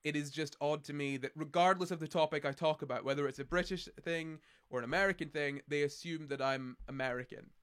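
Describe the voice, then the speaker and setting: Scottish guy rambling on stream, bit higher voice, sardonic, lots of ums and restarts. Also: fairly quick, few pauses, a bit bright, smooth. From Scotland. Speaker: streamer answering chat. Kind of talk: casual live-stream chat.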